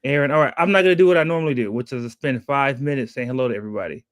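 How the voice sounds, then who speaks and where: A man's voice: medium pitch, very fast, no echo, clean studio sound. A man co-hosting a casual developer live stream. He talks upbeat and greets viewers by name.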